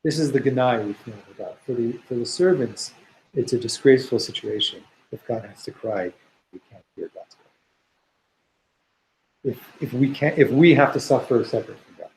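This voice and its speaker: A man's voice: mid-range voice, normal speed, darkish tone, slight background noise, rough recording. Thoughtful man teaching a text class. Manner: thoughtful, reads Hebrew text aloud and explains it; repeats words while working out ideas. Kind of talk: Torah class lecture.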